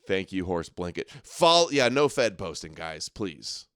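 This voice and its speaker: A man's voice: sits low, sing-song, unhurried, a bit bright, clean tone, no echo, studio quality. A man hosting a livestream, reacting to clips with sarcastic, exasperated commentary. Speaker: livestream host.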